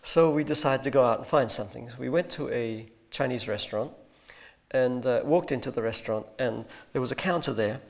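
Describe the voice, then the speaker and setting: Gravelly, mid-pitched and a little fast, this man recounts a personal testimony with a spiritual message. He rambles and hesitates, filling it with ums and restarts.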